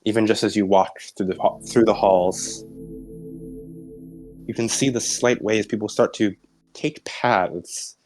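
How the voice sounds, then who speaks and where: A man narrating as game master in a tabletop role-playing game, describing scenes in a halting, searching way. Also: fairly low pitch, steady tone, a little mellow, faint music behind. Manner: descriptive, halting, many restarts and fillers.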